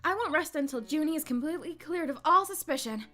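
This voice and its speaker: A woman voicing a confident young female lawyer from a video game, reading her lines brightly and with bounce. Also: high voice, lively intonation, quick pace, soft background music. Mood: determined.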